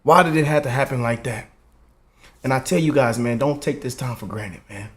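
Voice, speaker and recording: A man's voice: mid-range voice, normal speed. A man hosting a reaction channel, speaking in a heartfelt, emotional way and often adding "man" and "y'all". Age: 20s.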